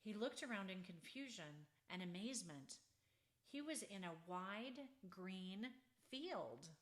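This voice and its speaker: A woman author reading her children's book aloud in an expressive, unhurried storybook manner. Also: medium pitch.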